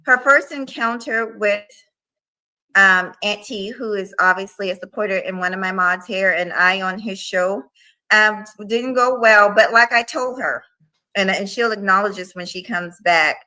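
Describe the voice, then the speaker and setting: Woman host, casual stream chat, bright mid-pitched voice, talks straight to her viewers. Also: unhurried, low-quality recording. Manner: chatty, addresses viewers as y'all. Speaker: livestream host.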